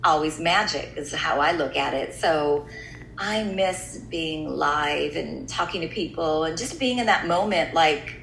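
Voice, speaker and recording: A woman's voice: sits low, a little slow, creaky, a bit bright, reverberant, slight background noise, poor audio. A middle-aged woman with an American accent, a radio host chatting candidly and casually, dropping in "you know" often. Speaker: radio host and voiceover artist. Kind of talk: casual chat.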